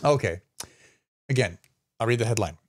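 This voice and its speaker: A man's voice: mid-range voice, expressive, moderate pace, breathy edge. A man hosting a live stream, casually reading a news story aloud, rambling and stumbling over names, sometimes swearing. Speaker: streamer host.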